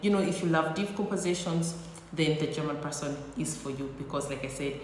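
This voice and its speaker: A woman's voice: low-pitched, fairly quick, slight background noise. Sassy woman vlogger in an echoey room. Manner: sassy, teasing, playful exaggeration. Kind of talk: comedic talk to camera. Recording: echoey room with long reverb.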